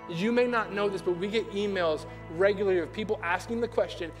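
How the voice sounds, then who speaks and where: Young male pastor with a high voice, chatty delivery, recorded in a reverberant hall. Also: fairly quick, hardly any pauses. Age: young adult. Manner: casual, conversational, acts out quoted people. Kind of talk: sermon. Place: church hall. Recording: hall reverb with faint music.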